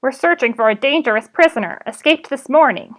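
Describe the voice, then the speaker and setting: A woman reading aloud, voicing a grating, raspy male goblin soldier who barks and sneers at people. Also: sits high, a little fast, a bit bright, voice pushed up. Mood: barking. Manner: barking, sneering and impatient.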